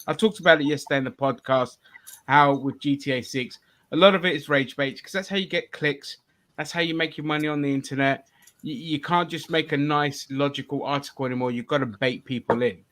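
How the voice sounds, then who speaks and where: A man's voice: on the high side, brisk, a bit bright. A man hosting a casual review podcast, talking bluntly, swearing freely and steering the discussion. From England. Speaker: podcast host.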